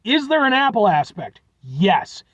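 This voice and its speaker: High-pitched guy rambling thru a casual review, voice jumping up and down, lots of ums, kinda muffled dry audio. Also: big pitch swings, a little slow, dry recording. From United States. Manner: rambling, self-deprecating, lots of fillers. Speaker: food reviewer. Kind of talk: casual chat.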